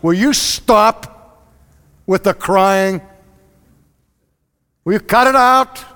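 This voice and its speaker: A man's voice: on the high side, lively intonation, unhurried, fairly bright tone. A man voicing an exasperated, resolute male apostle who pleads with his friends in rising exclamations.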